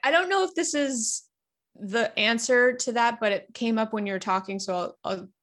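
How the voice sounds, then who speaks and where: A woman's voice: on the high side, normal speed, a bit bright. A woman from Canada talking as a guest, sharing personal experiences in an earnest, reflective way with lots of filler words. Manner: reflective, earnest, many fillers like "like" and "you know". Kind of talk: candid personal conversation.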